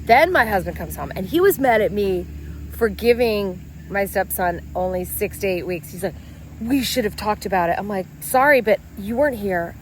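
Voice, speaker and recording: A middle-aged woman vents her way through a story in a casual vlog, exasperated and animated as she replays the arguments. Her voice sits at a medium pitch, and she records on a phone held at arm's length in a parked car, with faint traffic outside. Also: moderate pace. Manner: venting, exasperated, acts out quoted arguments. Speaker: vlogger.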